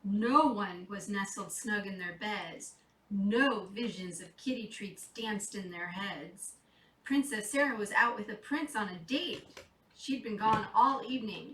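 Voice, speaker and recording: Bright woman reading a rhyming story. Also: medium pitch, recorded from a distance, a little hiss or hum. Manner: sing-song, playful, bouncy rhythm. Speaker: storyteller reading a Christmas poem. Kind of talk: rhyming storybook read-aloud. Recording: echoey room, off mic.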